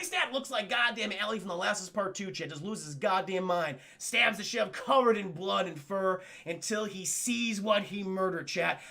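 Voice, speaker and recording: A man with a high-sitting voice and vocal fry casually recaps a film for his live-stream chat. He's excitable and swears often, speaking directly to viewers again and again.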